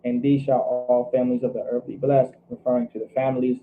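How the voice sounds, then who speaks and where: A man's voice: mid-range voice, flat delivery, brisk, a little hiss or hum. Male teacher, scripture class, thinks aloud, checks himself, tinny phone-like sound. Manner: thinks aloud, checks himself, repeats "all right" often.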